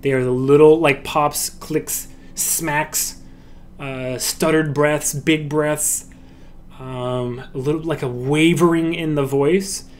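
Male animation instructor, measured delivery, slightly raised pitch, demos lines mid-lecture. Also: fairly even intonation. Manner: demonstrates lines and laughs aloud, with restarts. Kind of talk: recorded lecture.

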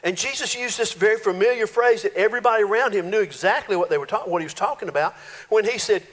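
A male pastor, preaching a folksy, animated sermon full of playful voiced quotes in a church sanctuary. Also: high-pitched, fast. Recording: reverberant church hall.

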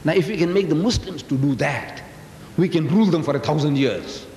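A man in his sixties from South Africa with a South African accent, giving a lecture to a live audience in a booming, carrying voice, teasing the crowd and firing questions at them. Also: fairly quick, a little mellow. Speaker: public speaker. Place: large hall. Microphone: PA microphone. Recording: echoey hall, faint background noise.

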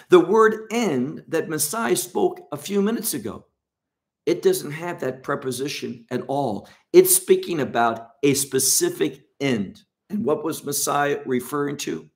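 Slow, emphatic male Bible teacher. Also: fairly high pitch, animated, gravelly. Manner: emphatic, deliberate, stresses key words.

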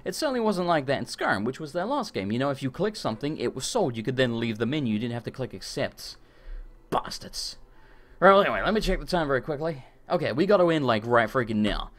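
Male streamer, animated pitch, casual gameplay chatter with frustrated outbursts. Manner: chatty, quick to rant and swear in frustration. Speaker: gaming streamer. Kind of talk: live let's-play commentary.

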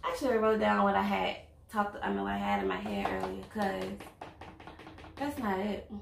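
A woman's voice: mid-range voice, animated, moderate pace, creaky, noisy background. A woman, talking bluntly and outspokenly in a casual couple chat over a meal. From Louisiana. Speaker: vlog host, girlfriend. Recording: echoey room, mic at a distance.

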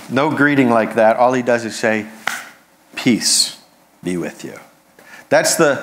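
A pastor preaching to his congregation in an easygoing, conversational way. His voice sits at an ordinary middle pitch for a man, and he slips in light humorous asides as he goes. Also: a little hiss or hum. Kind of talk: sermon.

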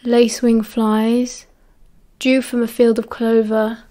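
Female reader doing a hesitant teen boy student, British, halting delivery. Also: on the high side, little pitch movement, dark tone.

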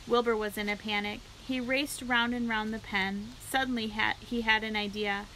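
A woman narrating a children's book aloud for a library read-aloud, in a clear, steady storytelling way. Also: a little high, moderate pace, few pauses, a little hiss or hum, low-quality recording.

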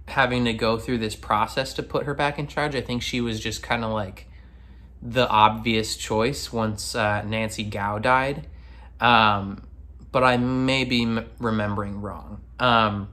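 A man's voice: mid-range voice, fairly bright tone. A man casually chatting through his reaction to a TV episode, rambling with restarts and frequent laughs. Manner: rambling, laughs often, many fillers and restarts. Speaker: reaction video host.

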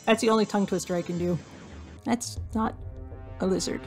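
Woman streaming a puzzle game, chatty and self-joking, bit of vocal fry, soft music underneath. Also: mid-range voice, steady tone, a little fast, pauses often. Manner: chatty, reads item lists aloud, jokes to herself. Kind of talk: casual gameplay commentary.

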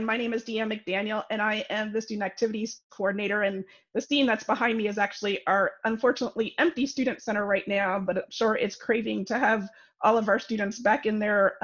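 A woman's voice: mid-range voice, fairly bright tone. A woman who coordinates student activities, speaking in a friendly, chatty way at a virtual college information session. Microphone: video call. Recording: dull lo-fi video call audio.

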